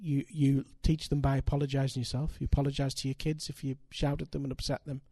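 An older man, preaching a sermon and telling stories with animated, emphatic delivery. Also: medium pitch, quick pace, no echo. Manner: animated, building to loud emphatic peaks. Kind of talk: sermon with storytelling.

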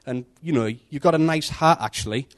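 A man's voice: a little high, fairly quick. A man giving an informal devotional talk in a conversational, storytelling manner. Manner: conversational, animated, acts out story voices. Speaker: preacher.

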